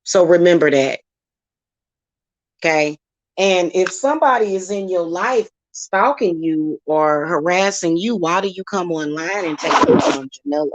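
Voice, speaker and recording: A woman with a lowish, animated voice speaks unhurriedly as she hosts her own channel, a spiritual reader delivering a heated, profane, confrontational rant at her critics in an angry vlog. The audio is dull with slight background noise.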